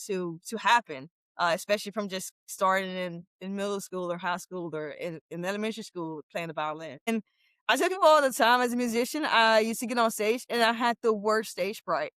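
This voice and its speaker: Lively, clear-voiced woman from Memphis. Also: medium pitch, moderate pace, no echo. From Memphis, USA. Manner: lively storyteller with frequent laughs. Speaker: guest, former football captain. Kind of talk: casual interview talk.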